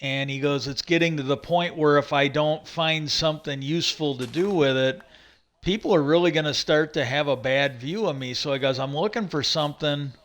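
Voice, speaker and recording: Casting note: male livestream host, slightly higher voice, casual rambling storyteller, plenty of fillers and restarts. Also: moderate pace, fairly bright tone. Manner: retells stories with many "he goes", frequent restarts and fillers.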